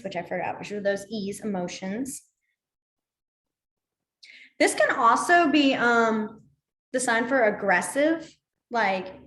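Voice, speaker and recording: A woman's voice: fairly high pitch, fairly bright tone. Playful woman teacher in an echoey room. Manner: playful, acts out each emotion with her voice. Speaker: sign language teacher. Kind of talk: beginner class instruction. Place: library meeting room.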